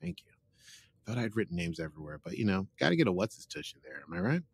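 A man with a fairly low voice talks through a show's plot in a loose, rambling recap, piling up "like" and "uh" as he goes. His voice sits close and dry on a podcast mic, with no room sound around it. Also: big pitch swings, quick pace, vocal fry, slightly rough, dry recording. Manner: rambling, chatty retelling with frequent fillers. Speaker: podcast host. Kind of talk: casual episode recap.

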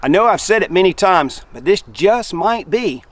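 A middle-aged man with a drawl hosts a camp cooking show outdoors in the woods. His voice sits a touch high for a man, and his talk is folksy and easygoing, even through bites of food. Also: moderate pace, no room sound. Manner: relaxed, folksy, talks while eating. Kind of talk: outdoor cooking vlog, talking to camera.

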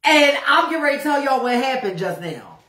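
High-pitched and sharp-toned, a woman streaming live rants with big swings in pitch and a fairly quick delivery, cursing brashly and repeating phrases for emphasis. Her unscripted tirade echoes around the room over slight background noise.

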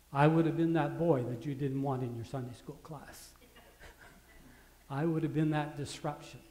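A man preaching a sermon as pastor, earnest, swinging between loud rises and hushed drops. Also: fairly high pitch. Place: church sanctuary. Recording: echoey church hall.

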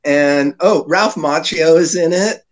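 Guy telling wild stories on a podcast, kinda high voice, does little voices for people. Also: takes it slowly. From New Jersey. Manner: animated anecdotes, slips into voices for other people. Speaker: guest. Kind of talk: casual storytelling.

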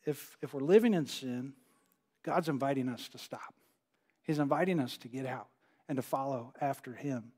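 A man's voice: fairly high pitch, darkish tone. A male pastor preaching a sermon in a conversational way, repeating phrases for emphasis. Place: church sanctuary. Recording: live church broadcast with long hall reverb.

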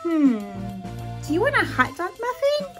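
A woman doing a bright, cheerful cartoon dog mum, high and lively, swooping up and down in a bubbly sing-song. She talks slowly and sweetly, as if to little viewers during toy play, with music playing under her. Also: exaggerated voice. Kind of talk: pretend play with toys.

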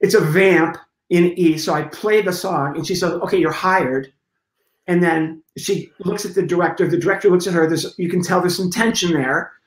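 A middle-aged comedian, a man, telling stories as an interview guest. He is lively and acts out scenes and sound effects as he goes. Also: sits high, normal speed. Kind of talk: storytelling in a conversation. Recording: roomy echo.

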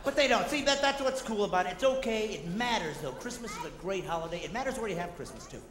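Guy doing loud stand-up, high keyed voice, big echoey hall, crowd roaring behind. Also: expressive, quick pace. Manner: high-energy, shouting, crowd work. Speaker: stand-up comedian. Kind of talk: stand-up comedy set. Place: large hall with a live audience.

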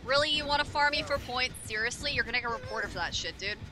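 A woman's voice: a little high, quick pace. A woman streaming a horror game, casually commenting, irritable and swearing a lot as she talks to herself and her chat. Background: game music.

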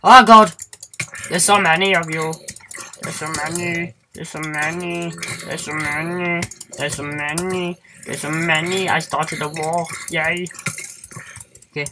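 A man's voice: fairly high pitch, flat delivery, a little slow, noisy background. Goofy rambling man narrating his game. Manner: goofy and rambling, hums and sings to himself, squeals at monsters. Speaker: let's play gamer. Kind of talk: casual gameplay commentary.

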